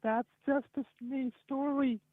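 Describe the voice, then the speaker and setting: A man's voice: very high-pitched, steady tone, takes it slowly, dry recording. A man putting on a woman's voice, playing an insistent woman caller on a phone line. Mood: pushy. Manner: insistent, repetitive. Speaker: scammer.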